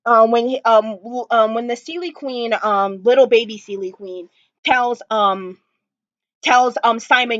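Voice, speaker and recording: A woman vlogger chats casually from her floor at home, gushing and rambling with lots of filler words. Her voice sits a little high, and the sound is dry and slightly dull. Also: unhurried, no echo. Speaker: vlogger reviewing a TV episode. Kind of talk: casual chat.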